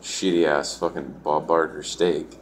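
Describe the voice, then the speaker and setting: A man's voice: extremely low pitch, little pitch movement, unhurried, slight background noise. A man telling a story in a rambling, casual way, filling his talk with "like" and swearing. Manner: rambling, full of "like" and profanity.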